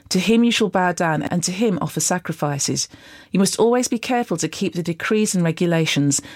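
A reader delivering scripture at a steady, even pace. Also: mid-range voice, no room sound, studio quality. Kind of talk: scripture reading.

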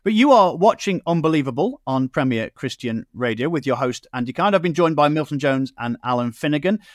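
A male host with a fairly high voice leads a discussion, chatting loosely and restarting his thoughts as he goes. His voice is recorded close and completely dry, with no room echo at all. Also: expressive, a little fast. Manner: conversational, with hesitant restarts and fillers. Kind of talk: hosted discussion show.

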